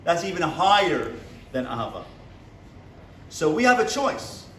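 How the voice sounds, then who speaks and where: A rabbi gives a motivational lecture to a class in a seminary classroom, his voice on the high side, sing-song, unhurried and a bit bright. He asks the audience questions and acts out little dialogues. The recording is distant in an echoey room, with a little hiss or hum.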